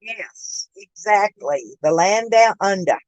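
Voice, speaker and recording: A woman's voice: mid-range voice, slow, darkish tone, no echo, low-quality recording. A woman, chatting casually with viewers on a live stream, laughing often and calling them by name. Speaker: host of a live chat stream. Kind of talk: casual chat. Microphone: phone.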